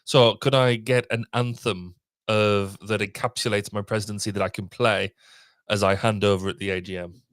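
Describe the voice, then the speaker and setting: Wry, low-voiced male co-host. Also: fairly even intonation, moderate pace, a bit bright, no room sound. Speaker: podcast co-host. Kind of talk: casual live-stream chat.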